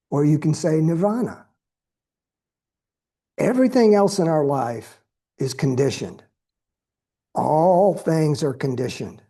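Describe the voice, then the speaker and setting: A man giving a dharma talk as a Buddhist teacher, telling a story in a slow, measured way with pauses. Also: fairly high pitch, mellow, slightly rough.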